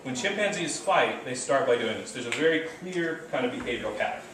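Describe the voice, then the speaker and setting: A man giving a lively university lecture, now and then acting out animal calls. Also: medium pitch, fairly quick. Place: large lecture hall. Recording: echoey lecture hall, distant mic, background noise.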